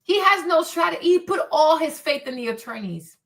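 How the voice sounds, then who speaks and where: Casting: outspoken woman livestream host, cussing, animated, high-pitched. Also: brisk, creaky, recorded from a distance. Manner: blunt, profane, animated ranting. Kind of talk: livestream commentary.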